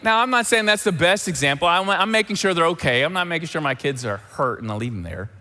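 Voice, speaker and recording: A man preaching a sermon as pastor, animated and emphatic, repeating key phrases. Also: fairly high pitch, fast, long reverb tail.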